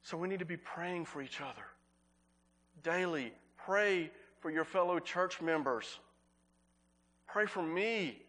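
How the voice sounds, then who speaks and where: A man preaching a sermon as pastor, earnest, repeating words for emphasis and slowing on key phrases. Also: a little high, expressive, fairly bright tone.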